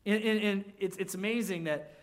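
A pastor preaching a sermon, swinging between loud emphasis and hushed, low lines, with emphatic repeated restarts. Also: moderate pace.

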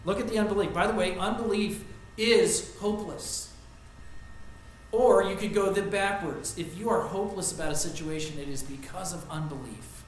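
A middle-aged male pastor preaching a sermon, earnest, rising loud on lists and dropping soft for personal stories. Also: high-pitched, moderate pace, a little hiss or hum. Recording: echoey church room.

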